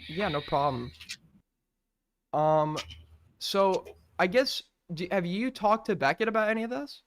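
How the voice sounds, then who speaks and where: A man's voice: high voice, unhurried, slight background noise. A man hosting a live-stream call-in show, talking casually, hesitant with many fillers and restarts.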